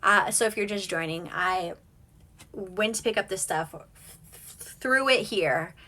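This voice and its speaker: A woman's voice: mid-range voice, unhurried, bright, forceful tone. A woman hosting a casual live stream from home, chatting and answering viewer comments. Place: home at night with kids asleep nearby.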